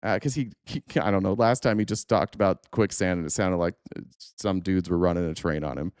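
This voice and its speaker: A man's voice: sits low, fairly even intonation, fairly quick, darkish tone, clean tone, dry recording, clean studio sound. A man hosting a livestream, reacting in casual, rambling commentary with swearing, laughter and many fillers. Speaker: livestream host.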